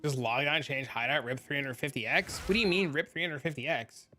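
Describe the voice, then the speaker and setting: A man's voice: mid-range voice, a little fast, sharp tone, soft background music. A man streaming a game and chatting casually with viewers, blunt, profane and rambling. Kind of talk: casual live-stream chat.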